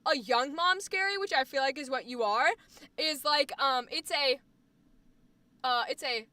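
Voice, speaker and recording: A woman streamer in casual chat, animated and profane, swinging between loud and soft. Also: sits high, measured pace, noisy background. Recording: dry sound, voice a bit far from the mic.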